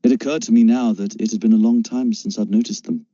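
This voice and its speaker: Dark, husky male audiobook narrator. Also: fairly low pitch, steady tone, quick pace, no echo. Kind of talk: scripted first-person narration. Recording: dull lo-fi dry recording.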